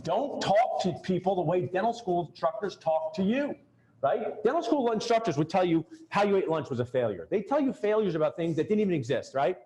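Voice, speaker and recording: Man, lively joking workshop coach, slightly high voice, roomy echo. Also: fairly quick, slight background noise. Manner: animated, joking, talks straight at the audience. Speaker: dental practice coach leading a workshop. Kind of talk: live seminar talk to a group. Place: event room with attendees.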